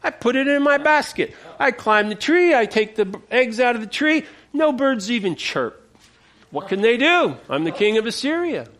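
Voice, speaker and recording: A male preacher playing a boastful ancient king who brags like a child, quick and gloating. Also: very high-pitched, very animated, fairly bright tone, pitched above the performer's own voice, exaggerated voice.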